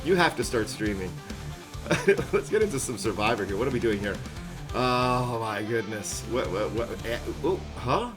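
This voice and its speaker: Chatty gamer dude on stream, voice jumps all over, loud music going behind him. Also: male voice, medium pitch, big pitch swings, normal speed. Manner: rambling, upbeat, laughs often. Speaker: game streamer. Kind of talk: casual live-stream chat. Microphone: headset. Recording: background music playing loudly.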